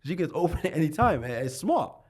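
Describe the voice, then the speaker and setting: Husky and fairly high-pitched, a fast-talking London man in his twenties tells his life story on a podcast. He is animated and uses heavy slang, frequently restarting and repeating words.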